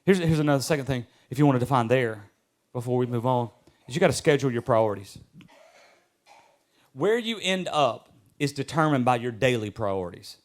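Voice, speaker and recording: A man's voice: medium pitch, expressive, a little fast. A pastor in his thirties preaching emphatically, repeating key lines and calling for amens. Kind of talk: sermon.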